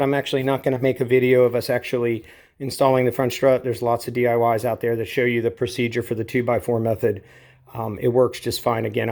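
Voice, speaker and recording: A man explains car shocks and struts in a relaxed, explanatory way, his voice sitting in an ordinary middle pitch. He drops in fillers as he goes. The sound comes from a camera mic in a garage workshop, and at times he moves away from it. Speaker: car hobbyist demonstrating suspension parts. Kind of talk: casual how-to commentary.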